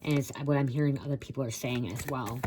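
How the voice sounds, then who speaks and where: A woman's voice: rumbling low, fairly even intonation, fast, very noisy. A woman giving a rambling channeled psychic reading, blurting out words she hears and swearing casually. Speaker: psychic reader.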